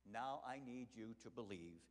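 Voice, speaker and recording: A man preaching a sermon as pastor, animated and building to emphatic peaks, often repeating words as he restarts. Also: medium pitch, measured pace, long reverb tail.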